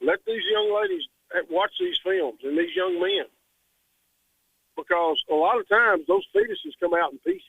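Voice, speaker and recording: A man's voice: extremely high pitch, wildly swooping pitch, moderate pace, vocal fry, no room sound. A man calling into a radio show, talking emphatically and repeating his points over a phone line. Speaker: caller. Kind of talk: call-in radio talk.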